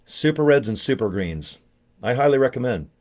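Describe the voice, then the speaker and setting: A man's voice: medium pitch, sing-song, normal speed, a little mellow. An older man talking in a casual, rambling vlog, joking and chatty with a self-deprecating streak. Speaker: network marketing promoter.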